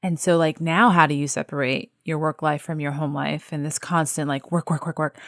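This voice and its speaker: A woman hosts a candid podcast in a chatty, self-deprecating way. Her voice is low and the sound is dry and close, with no room around it. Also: fairly even intonation, normal speed, no room sound. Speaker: podcast host.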